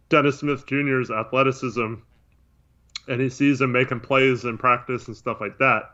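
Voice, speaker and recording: Man, podcast co-host, bright forceful voice, muffled lo-fi recording, measured and hedging. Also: medium pitch. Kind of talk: casual sports podcast chat. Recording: dull lo-fi mic.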